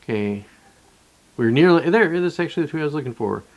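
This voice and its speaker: A man's voice: fairly high pitch, lively intonation, quick pace. A man talking casually on a live stream, rambling and profane, often breaking off mid-sentence and restarting. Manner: rambling and profane, with many self-interruptions. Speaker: livestreamer.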